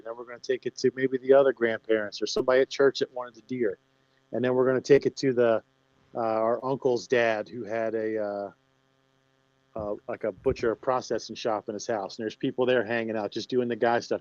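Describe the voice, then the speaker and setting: A man from Pennsylvania, a podcast host telling animated stories in casual chat. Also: mid-range voice, brisk, dry recording, dull audio.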